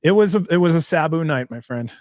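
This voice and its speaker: A man's voice: a little high, animated, fast, darkish tone. A man hosting a casual interview, telling laid-back, profane stories and laughing often. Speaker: interview host.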